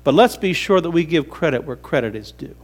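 Folksy high-voiced male preacher. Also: expressive, brisk. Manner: folksy, humorous, conversational. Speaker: pastor. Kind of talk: sermon.

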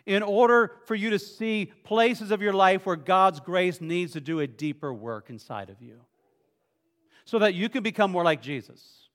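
A male pastor with a rather high voice leads his congregation through a playful sermon, teasing people in the pews by name. His words ring out with a long reverb from the church hall around him. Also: moderate pace, fairly bright tone. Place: church sanctuary.

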